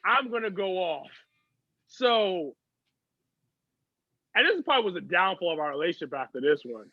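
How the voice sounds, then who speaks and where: A man's voice: high-pitched, lively intonation, moderate pace, dry recording, highs cut off. A man, a guest on a podcast, telling stories in chatty, profane casual conversation. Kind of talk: casual chat.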